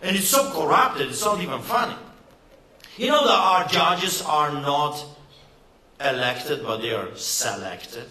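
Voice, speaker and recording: A man's voice: a little high, expressive, a little slow, pushed and bright, reverberant, low-quality recording. A man giving an impassioned, emphatic rally speech with a sarcastic edge. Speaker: rally speaker. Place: event hall.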